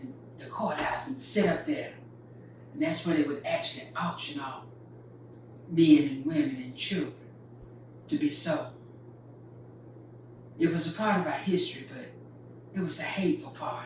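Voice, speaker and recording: A woman's voice: low voice, a little mellow. An older woman from North Carolina, telling a story in a folksy, vivid way. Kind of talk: oral storytelling. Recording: very echoey, distant mic, faint noise.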